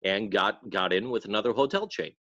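Deep-voiced man chatting from a hotel room. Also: fairly quick, fairly bright tone, no echo, highs cut off. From North Carolina. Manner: laid-back, rambling with restarts. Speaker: podcast co-host. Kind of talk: casual chat.

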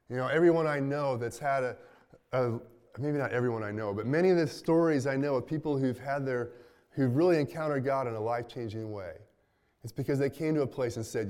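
Male pastor, mid pitch, casual preaching style with frequent restarts. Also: fairly quick. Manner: conversational, many restarts, dips quiet at line ends. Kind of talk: sermon.

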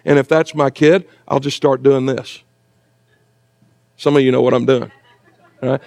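A man's voice: mid-range voice, steady tone, normal speed, creaky, darkish tone. A middle-aged man, preaching a sermon in a church in a conversational way with joking asides. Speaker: pastor. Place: church sanctuary.

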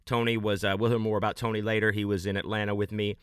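A man's voice: lowish voice, level tone, fast, clear, resonant tone, dry recording, studio quality. Laid-back man hosting a podcast. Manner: loose, rambling, enthusiastic. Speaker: podcast host. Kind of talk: casual podcast shout-outs.

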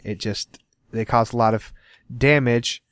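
A young man talks through a comic storyline in a loose, casual chat. He gets animated and jumps into the characters' lines as he retells the plot. His voice is close and dry, with no room around it. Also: medium pitch, unhurried, smooth, no echo. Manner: animated, acts out characters' lines while recapping.

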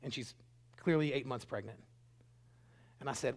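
A middle-aged man preaching a sermon, telling stories earnestly and swinging between loud bursts and hushed lines. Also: mid-range voice, moderate pace. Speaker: pastor.

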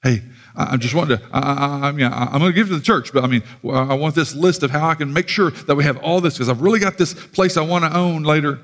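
A man preaching voices a self-centered man making demands of Jesus, low and self-absorbed. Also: quick pace, fairly bright tone. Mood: demanding. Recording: long reverb of a large hall.

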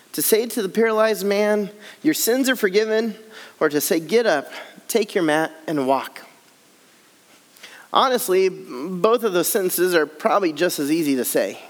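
High-voiced man preaching in a reverberant hall. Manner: dramatic, acts out scenes, drops low and soft for scripture quotes. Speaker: camp speaker. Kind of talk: storytelling sermon. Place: large hall at a camp.

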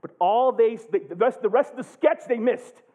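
High, lively male preacher, tinny sound. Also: normal speed. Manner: excitable, jokey, loud bursts when acting out the story. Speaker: pastor. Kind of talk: animated sermon storytelling.

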